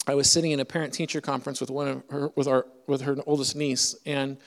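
A man's voice: mid-range voice, clean tone. A middle-aged man preaching in a chatty, self-deprecating, humorous storytelling style. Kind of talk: storytelling sermon. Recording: echoey hall reverb.

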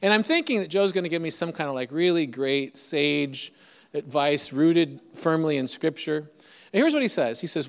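A man's voice: a little high, animated, normal speed. Middle-aged man telling a funny story in an echoey hall. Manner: chatty, self-deprecating humorous storytelling. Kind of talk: storytelling sermon.

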